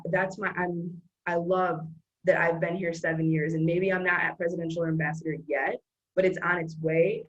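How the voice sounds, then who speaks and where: A woman's voice: fairly low pitch, highs cut off. A woman hosting an earnest, emphatic motivational faith talk. She rambles with restarts. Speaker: host.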